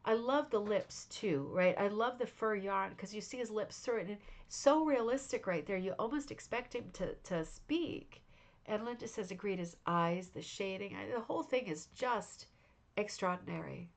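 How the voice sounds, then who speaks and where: A woman of middling pitch hosts a relaxed craft club stream from home, worn out and yawning. She heaps praise on each piece in loose, chatty talk full of fillers. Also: normal speed. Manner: warm, effusive praise with frequent fillers. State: tired, yawning. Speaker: host of a rug hooking club show. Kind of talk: casual livestream chat reviewing viewers' crafts.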